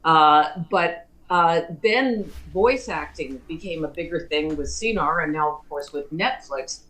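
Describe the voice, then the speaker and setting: A woman's voice: low-pitched, unhurried, fairly bright tone, poor audio. An older woman hosting a casual interview, leading into her questions with chatty, rambling remarks. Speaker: host.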